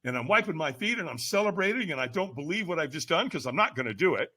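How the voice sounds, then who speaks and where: A man recounting a personal story as a podcast guest, his slightly high voice swooping widely. The tone is bright and forceful, and he punches his points home, jumping into sudden shouted quotes. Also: fast talker, husky. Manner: lively, emphatic, acts out quotes with sudden shouts. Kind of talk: animated storytelling in conversation.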